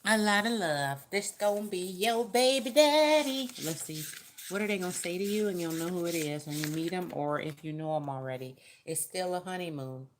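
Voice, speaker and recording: A woman's voice: on the low side, lively intonation, normal speed, slight background noise. A woman giving a casual, chatty tarot reading straight to the viewer, with folksy, direct advice. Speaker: tarot reader.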